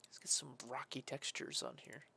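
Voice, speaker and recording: A man talking casually while he builds a game map, rambling with many fillers and breaking into loud, sweary frustration. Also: medium pitch, little pitch movement, normal speed, gravelly, slight background noise. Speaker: modding streamer.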